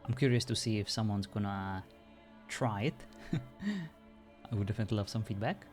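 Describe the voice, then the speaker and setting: Giggly streamer guy from europe, kinda low voice, lil music in the back. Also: fairly even intonation, brisk, darkish tone. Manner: giggly, laughs often, joking. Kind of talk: casual chat with viewers.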